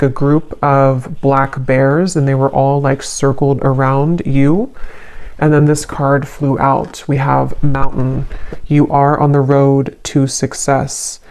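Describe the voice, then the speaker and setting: Flat-voiced tarot reader, hesitant and reassuring. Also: mid-range voice, measured pace, smooth. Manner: searching and hesitant, with frequent fillers and restarts; reassuring, addressing listeners directly. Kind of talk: intuitive tarot reading to camera.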